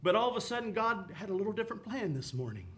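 A man's voice: high-pitched, sing-song, quick pace, fairly bright tone. A man preaching a sermon with an impassioned, rising and falling cadence, quoting scripture.

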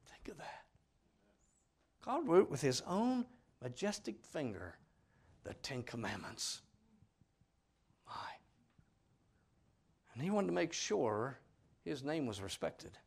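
A man preaching a sermon, emphatic and full of questions to his listeners, swinging between loud declarations and hushed asides. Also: medium pitch, big pitch swings, slow, creaky, long pauses, slightly rough.

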